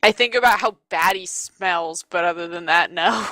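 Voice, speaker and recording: A woman player in a tabletop role-playing game, describing her character in a deadpan way. Her voice is bright and sharp, recorded dry and close with no room echo. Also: fairly low pitch, normal speed.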